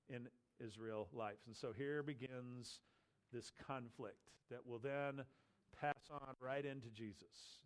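A man preaching an expository sermon, explaining a Bible passage and briefly acting out the voices he quotes. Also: mid-range voice. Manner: animated teaching, acts out quoted voices.

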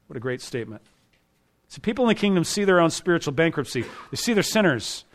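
Male pastor, fairly high voice, emphatic expository preaching with sharp loud-soft swings. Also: big pitch swings, fast. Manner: emphatic, repeats key phrases, swings between loud and quiet. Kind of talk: expository sermon.

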